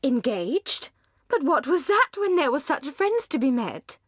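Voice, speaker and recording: A woman's voice: high-pitched, sing-song, a little slow, a bit bright, no room sound, studio quality, pitched above the performer's own voice, exaggerated voice. A woman voicing an ardent, impulsive young woman who speaks in emphatic, gushing outbursts in an audiobook. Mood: passionate.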